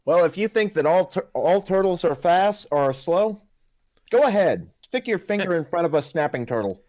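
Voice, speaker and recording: Podcast guy, slightly high voice, bounces all over the place telling a story. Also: normal speed. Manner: storytelling, animated. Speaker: podcast co-host. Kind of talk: casual chat.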